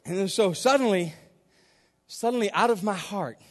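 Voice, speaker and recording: A man's voice: high voice, normal speed. A man preaching a sermon as a story, acting out his own reactions and laughing along the way. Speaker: pastor. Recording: long reverb of a large hall.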